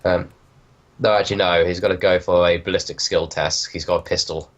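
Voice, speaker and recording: A game master with a low, deep voice who thinks aloud with many pauses as he checks the rules. He talks in a plain, conversational way. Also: fairly even intonation, lo-fi sound. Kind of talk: running a tabletop game.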